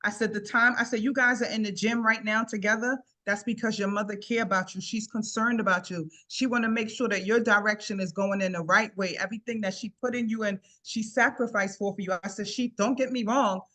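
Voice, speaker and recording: A woman's voice: medium pitch, steady tone, brisk, few pauses, pushed and bright. A middle-aged woman telling a personal story in a casual, earnest way, often repeating "I said" as she recounts what she told a teenager. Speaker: guest sharing a personal story.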